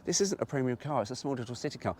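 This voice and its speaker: A British man chats through a car review from behind the wheel, rambling and frank, with plenty of swearing. His pitch rises and falls a lot as he talks. He is recorded on a GoPro inside a moving car. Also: lively intonation, racing, a little mellow, slight background noise. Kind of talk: casual driving vlog. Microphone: GoPro camera.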